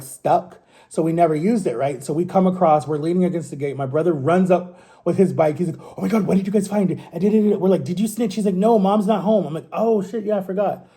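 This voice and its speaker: A man's voice: on the high side, warm tone. A man in his thirties telling a story in a loose, rambling way, swearing often and asking "right?" again and again. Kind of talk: casual storytime.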